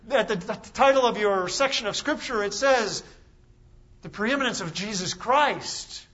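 A man preaching a sermon to a congregation, emphatic and full of rhetorical questions, with dramatic pauses. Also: high-pitched, sharp tone, lo-fi sound.

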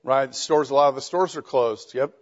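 A man's voice: medium pitch, fairly quick. A middle-aged man teaching a class, lecturing conversationally with wry jokes and questions to students. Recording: dull lo-fi classroom recording.

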